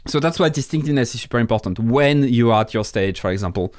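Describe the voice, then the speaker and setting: A man's voice: mid-range voice, lively intonation, fast, a little mellow, no echo, clean studio sound. A man with a French accent, a podcast guest in casual interview talk, blunt and swearing freely, often restarting his sentences. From France.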